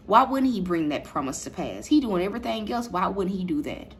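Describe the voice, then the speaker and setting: A woman's voice: mid-range voice, very animated, brisk, few pauses, a little hiss or hum. A woman preaching to her livestream viewers from home, repeating her points with emphasis. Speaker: online preacher. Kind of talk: livestreamed sermon. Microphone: livestream mic.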